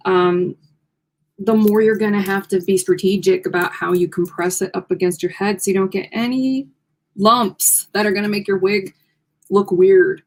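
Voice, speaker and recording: An upbeat woman co-hosts a relaxed livestream from a home studio. She chats easily and giggles often while she models and describes wigs. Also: medium pitch, moderate pace. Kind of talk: casual livestream product demo.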